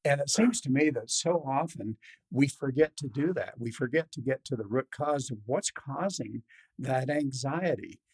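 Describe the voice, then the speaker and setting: A middle-aged man hosting a podcast interview, talking in an animated way and acting out quoted patients. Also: mid-range voice, normal speed, creaky, husky. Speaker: podcast host. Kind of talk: casual interview talk.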